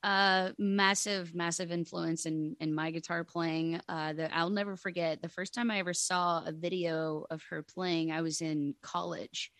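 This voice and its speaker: A woman's voice: lowish voice, steady tone, a little slow, hardly any pauses, fairly bright tone, dry recording. A young adult woman co-hosting a casual podcast, chatty and supportive. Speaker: podcast co-host, guitarist. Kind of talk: casual chat.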